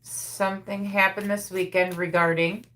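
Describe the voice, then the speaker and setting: A woman's voice: medium pitch, flat delivery, normal speed, a bit bright. A woman hosting a live psychic reading stream, relaying messages and repeating phrases as they come through.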